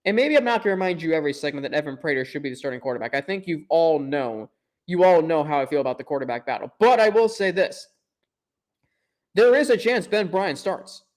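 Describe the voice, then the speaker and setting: Young male sports podcast host, fairly high voice, confident and emphatic, quick self-mocking asides. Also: expressive. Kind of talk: opinionated sports podcast talk.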